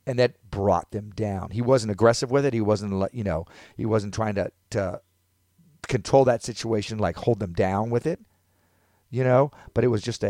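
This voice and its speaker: A man's voice: on the low side, moderate pace, warm tone, no echo. A man in casual podcast chat, rambling and reflective, now and then acting out quotes.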